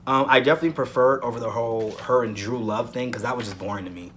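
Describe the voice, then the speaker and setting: A man's voice: mid-range voice, rapid-fire, a bit bright, slight background noise. A man giving a casual weekly soap opera review, rambling with frequent "um"s and repeating points for emphasis.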